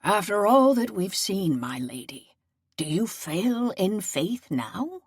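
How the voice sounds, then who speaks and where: A woman voicing an aging, wounded male seneschal who speaks slowly and solemnly in a gentle, fatherly way. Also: medium pitch, sing-song, slightly rough, no echo, studio quality, heavily acted. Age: older.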